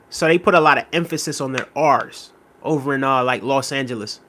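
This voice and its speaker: A man's voice: medium pitch, fairly even intonation, a little fast, pushed and bright, a little hiss or hum. A young man hosting a live stream, chatting casually and rambling as he reads and answers viewer comments. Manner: rambling and conversational, many fillers, reacting to chat. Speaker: livestream host.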